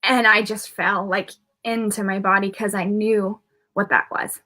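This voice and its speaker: A woman's voice: mid-range voice, little pitch movement, a little slow, sharp tone. A woman who works as an intuitive medium, telling a personal story on a live video in a rambling way, with many fillers and restarts.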